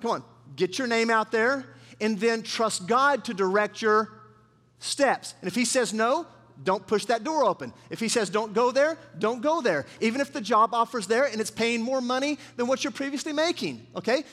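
A man's voice: high voice, fairly bright tone. A man preaching a sermon as pastor, speaking to the congregation and prompting it to answer back. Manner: call-and-response preaching with the congregation. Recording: reverberant church hall.

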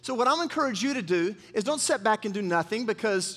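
A man's voice: high voice, animated, fast, fairly bright tone. A man preaching a sermon as pastor, speaking to the congregation and prompting it to answer back. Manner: call-and-response preaching with the congregation. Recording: reverberant church hall.

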